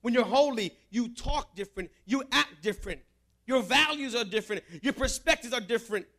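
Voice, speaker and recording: A male pastor preaching a sermon, building to emphatic shouts and easing into a hushed altar call. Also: very high voice, lively intonation, brisk. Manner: emphatic, rising to shouts then softening for prayer.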